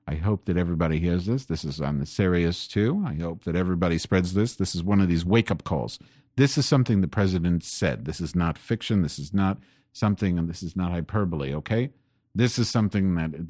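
A man's voice: low voice, dark tone, no room sound, clean studio sound. A man hosting a home-recorded podcast, talking in a rambling, profane political rant that grows angry. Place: home desk. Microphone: desk microphone pointed at keyboard.

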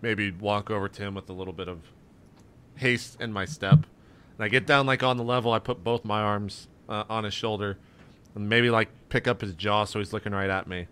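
Guy at the table describing his moves, smooth clear voice. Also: fairly low pitch, brisk. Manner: relaxed, describing his actions. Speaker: player. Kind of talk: casual tabletop game play.

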